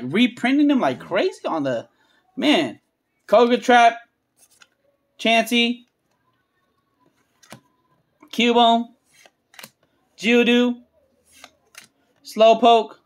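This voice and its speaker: A channel host opening trading card packs on camera, calling out each card and getting loudly excited and cursing at big pulls. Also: medium pitch. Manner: excitable, swears freely, yells at big pulls; drawn-out, emphatic phrasing between muttered card lists. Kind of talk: hyped pack-opening vlog commentary.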